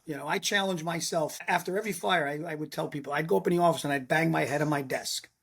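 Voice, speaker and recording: A middle-aged man tells blunt stories from the fire service and acts out the quotes with animation. His voice sits a little high and sounds husky. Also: fast, a bit bright. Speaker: retired fire lieutenant, podcast guest. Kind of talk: casual storytelling chat.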